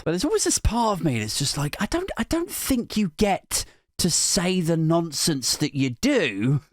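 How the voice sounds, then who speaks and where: This comedy podcast host has a medium-pitched voice, captured at studio quality with no room sound. His satirical rant is mocking in tone, peppered with swearing and repeated fits of laughter.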